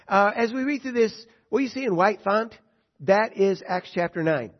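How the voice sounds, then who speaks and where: A man's voice: sits high, muffled recording. A man teaching a Bible study lesson, reading scripture aloud and then explaining it in plain words, with rhetorical questions to his listeners.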